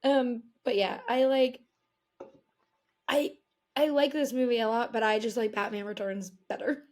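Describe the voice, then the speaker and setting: A woman's voice: a little high, fairly even intonation, unhurried, a little mellow. A young woman co-hosting a casual movie chat, talkative and easy to laugh. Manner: chatty, laughs easily. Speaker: co-host.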